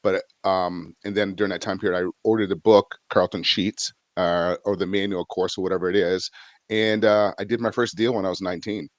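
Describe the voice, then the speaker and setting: A middle-aged real estate investor from Vermont, appearing as a guest, tells his story in a casual interview, rambling and using lots of fillers. His voice is low and steady, his pace brisk, and the recording dry.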